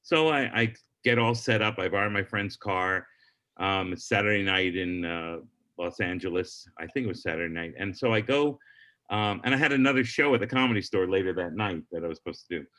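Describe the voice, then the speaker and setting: A man's voice: low-pitched, a little fast, pushed and bright. A middle-aged man, a comedian on a podcast telling a long story and acting out the people in it.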